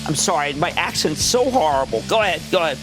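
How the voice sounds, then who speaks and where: Excitable high-pitched male stock show host. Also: music in the background. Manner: loud, excitable, rapid-fire banter. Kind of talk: animated call-in stock commentary.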